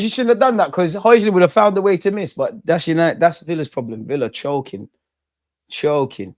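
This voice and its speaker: A young man hosting a live football watch-along, reacting loudly and bantering at the players. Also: mid-range voice. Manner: excitable, shouts at goals, banters at players. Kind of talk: live match reaction commentary.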